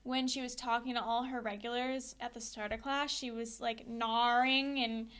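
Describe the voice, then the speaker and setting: A woman's voice: on the high side, fairly even intonation, moderate pace, fairly bright tone. A young woman from the United States co-hosting a podcast, telling stories in a chatty, casual way with frequent "like.". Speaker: podcast co-host. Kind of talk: casual chat.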